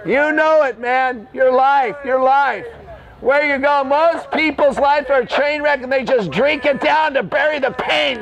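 An older man preaching in the open air, fervent and scolding, often shouting at his listeners. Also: very high-pitched, vocal fry, muffled recording. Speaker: street preacher. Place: city street outdoors.

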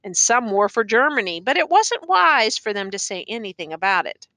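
A woman narrating a novel as an audiobook in a steady, even storytelling manner. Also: fairly high pitch, moderate pace, no room sound.

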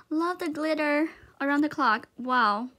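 A vlogger with a high voice chats excitedly through an unboxing for her channel, speaking slowly with lively intonation. She gushes in breathless exclamations and often slips into soft whispers over the items.

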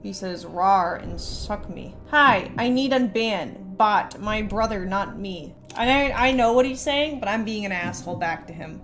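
A woman's voice: medium pitch, lively intonation, normal speed, hardly any pauses, fairly bright tone. A young woman streamer reading viewer messages aloud and answering them with sarcastic, casual commentary. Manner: sarcastic, reads messages aloud in mocking voices.

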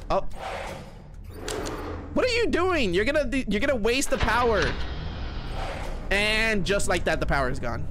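A man streaming a horror game live, excitably chatting with his viewers as he plays. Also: high-pitched, background noise. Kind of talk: live gameplay commentary.

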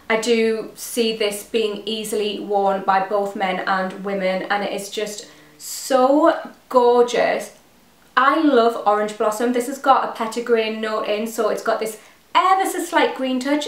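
This English woman, a beauty vlogger, talks to camera about fragrances in a rather high voice, with an echoey room around her. Gushing and full of enthusiasm, she goes through the scent notes one by one.

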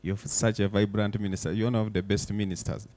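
Low, dark-voiced young man speaking passionately. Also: level tone, fairly quick, dry recording. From Uganda. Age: young adult. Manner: impassioned, rising to forceful declarations. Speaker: foundation director giving a speech. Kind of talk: emotional public speech. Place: event hall.

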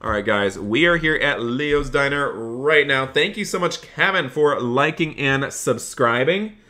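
A man with a bright, forceful voice streams a police role-play game live. He keeps up an upbeat, chatty stream of talk, thanks viewers by name and slips into a polite officer role when he talks to players. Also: mid-range voice, animated, unhurried.

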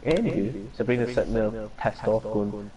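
A live-stream gamer chats casually and crudely, swearing and joking as he plays. His voice is lowish at a moderate pace, with a crowd audible in the background and poor audio quality.

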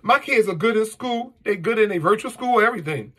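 High, raspy, heated man ranting. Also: lively intonation, brisk, bright, forceful tone. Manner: heated, profane, rhetorical questions. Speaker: vlogger. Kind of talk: angry monologue to camera.

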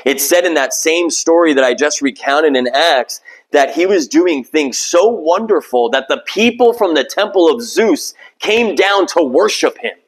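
A pastor delivers a sermon in a relaxed, conversational way, poking fun at himself as he goes. His male voice sits fairly high. He slips into little acted-out voices when he quotes people. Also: measured pace, breathy edge, rough recording. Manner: conversational, self-deprecating, acts out quoted voices.

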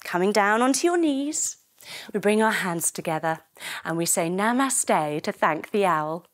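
A woman leading a children's yoga story, telling it in an animated way with playful sound effects. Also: medium pitch, normal speed. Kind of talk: guided kids' yoga story.

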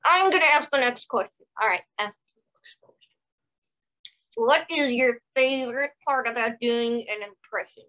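Bright, high-voiced giggly woman co-host. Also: normal speed, lo-fi sound. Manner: giggly, playful. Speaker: podcast co-host. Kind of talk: casual podcast interviewing.

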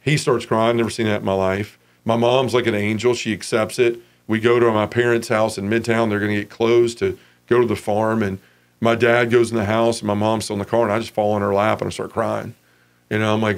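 A man's voice: on the low side, flat delivery, fairly quick, creaky. A man in his forties from Memphis, giving a frank, casual personal testimony as an interview guest.

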